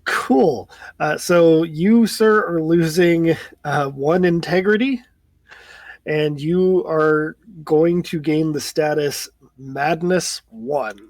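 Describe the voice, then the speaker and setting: A man narrating as game master, describing eerie scenes in a slow, measured way. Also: fairly high pitch, darkish tone, no room sound.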